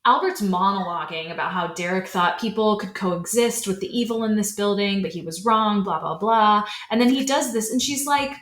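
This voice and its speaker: A woman's voice: mid-range voice, moderate pace, few pauses, a bit bright. A young woman co-hosting a podcast, casually recapping a scary story with lots of "like"s and acted-out lines. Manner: retells a story casually with many "like"s, acting out lines. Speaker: podcast co-host. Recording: echoey room.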